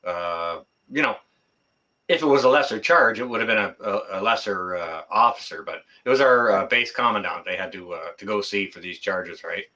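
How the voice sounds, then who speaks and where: A man co-hosting a stream, chatting in a relaxed way with loose fillers. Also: low-pitched, normal speed. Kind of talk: casual chat.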